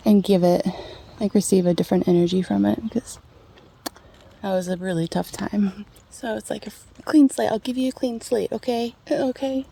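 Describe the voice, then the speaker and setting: A woman's voice: medium pitch, moderate pace, creaky, dark tone, slight background noise. A woman vlogging outdoors as she walks a trail, talking candidly and laughing often into a handheld camera. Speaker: vlogger hiking a long-distance trail. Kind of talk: casual vlog chat.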